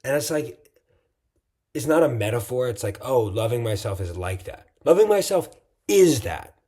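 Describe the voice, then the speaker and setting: A man's voice: medium pitch, big pitch swings, moderate pace, mellow. A tired man giving a casual, reflective vlog monologue late at night, rambling with frequent "like"s and restarts. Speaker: vlogger.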